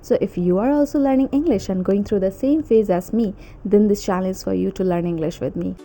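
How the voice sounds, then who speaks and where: Over soft background music, a young woman with a warm, medium-pitched voice talks fairly quickly. On her self-made English channel she teaches pronunciation casually, a bit nervous, with frequent "like" and "okay?".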